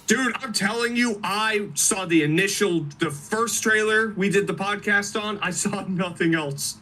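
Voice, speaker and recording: A man co-hosting a podcast, recounting a movie with animated laughter and frequent swearing. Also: high voice, a little slow, distant mic, rough recording. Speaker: podcast co-host. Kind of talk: excited casual movie chat.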